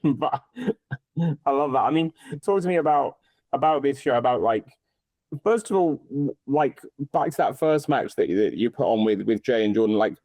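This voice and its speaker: A man's voice: medium pitch, expressive, moderate pace, a little mellow, dry recording. A man hosting a podcast, chatting in an upbeat, teasing way during a casual interview. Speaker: podcast host.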